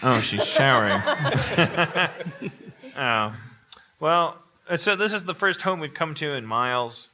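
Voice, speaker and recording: A slightly drunk man playing a tabletop game on stage, talking in halting, rambling, apologetic bursts. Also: on the high side, lively intonation, sharp tone. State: a little drunk. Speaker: player. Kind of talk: live tabletop game play. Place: live stage before an audience. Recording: live show with background noise.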